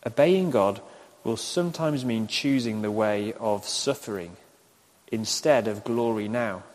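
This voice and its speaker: A man preaching a recorded sermon, speaking slowly and repeating his questions for listeners to write down. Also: fairly low pitch, a little mellow. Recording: echoey hall with long reverb.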